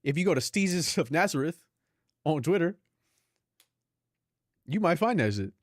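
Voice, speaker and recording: A man's voice: a little high, very animated, moderate pace, no room sound, clean studio sound. A young Filipino man, a live streamer, chatting casually and profanely with his viewers, laughing often. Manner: loose, profane, laughing banter with chat.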